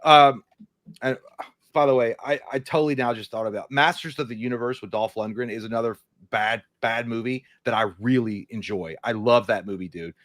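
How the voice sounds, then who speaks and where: A man's voice: mid-range voice, fairly quick, no room sound. Profane man in casual movie chat. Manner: profane, animated, puts on silly voices. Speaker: co-host. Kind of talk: casual live-stream chat.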